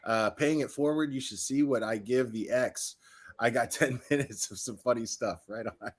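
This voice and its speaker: A man hosts a relaxed livestream in a mid-range voice. He comments on clips with mocking asides, swears freely and laughs often. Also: mid-range voice, moderate pace. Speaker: host.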